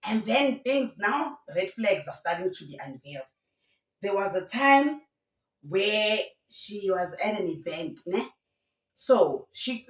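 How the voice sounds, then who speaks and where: A woman telling gossip stories as a YouTube commentator, lively and full of local slang. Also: lowish voice, far from the mic. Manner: animated storytelling with laughs and local slang. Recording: roomy sound from away from the mic.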